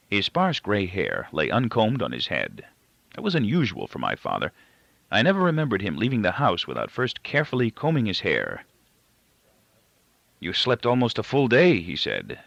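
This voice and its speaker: Gravelly man reading a novel aloud. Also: low voice, no echo. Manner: measured, expressive first-person reading. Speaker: audiobook reader. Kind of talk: novel narration. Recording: dull, dry lo-fi recording.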